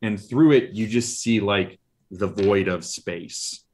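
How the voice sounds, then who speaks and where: Slow, halting male dungeon master. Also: lowish voice, darkish tone, husky. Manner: halting, many fillers and restarts, descriptive. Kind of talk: narrating a tabletop game.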